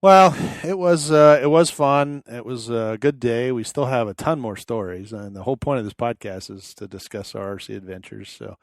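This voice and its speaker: A man co-hosting a podcast in casual chat, laid-back, with many filler pauses. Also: mid-range voice, no echo, studio quality. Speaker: podcast co-host.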